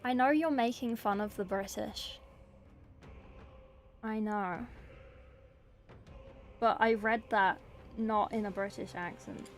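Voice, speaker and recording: A woman's voice: medium pitch, slow, long pauses, a little hiss or hum. A young woman painting miniatures on a livestream, chatting casually and answering viewer chat as she works. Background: faint background music.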